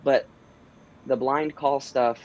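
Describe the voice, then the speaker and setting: A man who works as a voice actor, chatting casually as an interview guest, relaxed and rambling with lots of pauses and restarts. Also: medium pitch, highs cut off. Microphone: home recording booth.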